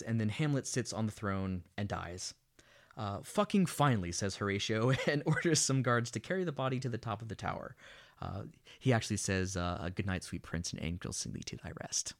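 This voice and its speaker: A man's voice: mid-range voice, lively intonation, normal speed. A man co-hosting a casual movie podcast, recapping a film with sardonic, exasperated, profane commentary. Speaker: podcast co-host. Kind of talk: casual movie review chat.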